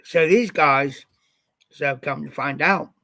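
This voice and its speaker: Bright-voiced man telling a rambling story. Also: a little high, slow, vocal fry, no echo. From Ohio. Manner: rambling, repeats "I said" often. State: slightly stuffed up after the flu. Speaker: livestream host. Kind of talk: casual storytelling on a livestream.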